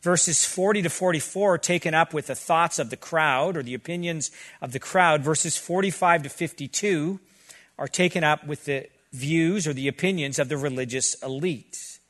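A man with a somewhat high voice delivers a sermon, speaking earnestly to his congregation. He sounds middle-aged and keeps it conversational, slipping into quick asides. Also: a bit bright. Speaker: pastor.

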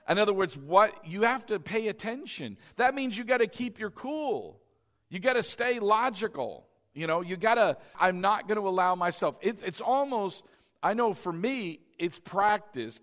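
A middle-aged man preaching a sermon as pastor in a church. He talks in an animated way, climbing to loud emphasis and then dropping low and confiding.

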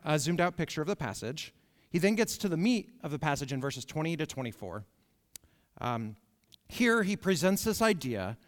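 Casual young preacher in a reverberant hall. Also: male voice, a little high. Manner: conversational, frequent "right?" and "like". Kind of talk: casual sermon.

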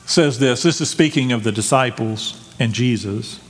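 A man preaching a sermon in a church, animated and emphatic, asking the congregation rhetorical questions. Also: mid-range voice, moderate pace, breathy edge. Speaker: pastor. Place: church sanctuary. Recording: long hall reverb.

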